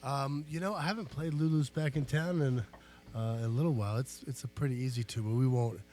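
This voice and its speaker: A man's voice: medium pitch, fairly even intonation, fairly quick, warm tone. A man, a guest musician, chatting casually in a music studio, easygoing and rambling, with fillers and restarts. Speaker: guest musician, guitarist and singer.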